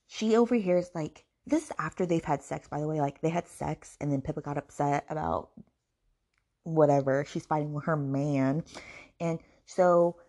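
A woman's voice: deep voice, dark tone. A woman hosting a book podcast, ranting sarcastically about a novel and swearing freely. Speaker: podcast host reviewing books.

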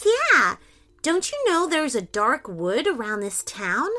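A woman voicing an excitable little girl who dreams of being a superhero, speaking high, eager and dramatic. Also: slow pace, soft background music, heavily acted. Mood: excited.

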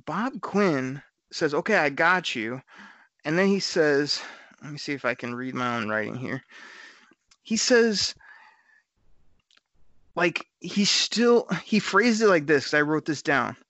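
A man's voice: a little high, dry recording. Chatty man hosting sports talk. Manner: rambling, animated, quick to laugh. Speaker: sports talk show host. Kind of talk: casual sports talk commentary. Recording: dry, slightly dull audio.

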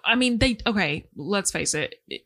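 A woman's voice: mid-range voice, animated, normal speed, a bit bright. A woman co-hosting a casual podcast, chatting and laughing often as she reads posts aloud. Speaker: podcast co-host.

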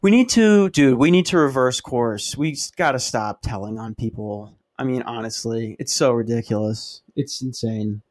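A man's voice: medium pitch, normal speed, hardly any pauses. A man hosting a podcast, telling a rambling, profane, self-mocking story in a casual monologue. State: dry mouth. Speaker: podcast host.

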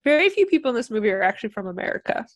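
High, lively laughing woman. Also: rapid-fire. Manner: laughing, wry asides. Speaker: podcast co-host. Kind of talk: casual movie chat.

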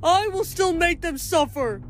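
A woman doing a shrill bellowing giant. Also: expressive, unhurried, soft background music. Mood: gloating. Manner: shrill, strained, much higher than her own voice. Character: bellowing male giant, boastful and brutal.

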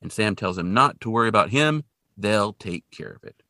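A man's voice: fairly low pitch, moderate pace, dry recording. A man co-hosting a podcast, casually recapping a TV episode and acting out the characters' lines as he goes. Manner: animated retelling, acting out quoted lines. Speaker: podcast co-host.

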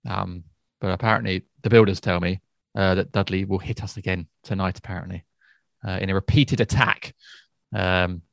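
A man co-hosting a podcast in relaxed, rambling casual chat. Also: sits low, normal speed, gravelly, no echo, studio quality. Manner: relaxed, rambling, with soft laughs. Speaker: podcast co-host.

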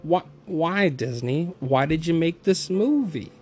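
A man's voice: a little high, lively intonation, slow, a little mellow, soft background music. Ranting, profane male movie reviewer. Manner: angry profane ranting with mocking put-on quotes. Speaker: film reviewer.

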